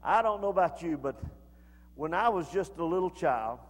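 A man preaching a sermon as pastor, in a folksy way that builds to shouted fervor. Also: fairly high pitch, animated, moderate pace. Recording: long hall reverb.

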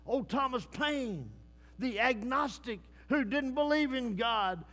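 A man preaching a sermon, swinging from hushed, low passages to loud, rising calls. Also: lively intonation, takes it slowly. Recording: long hall reverb.

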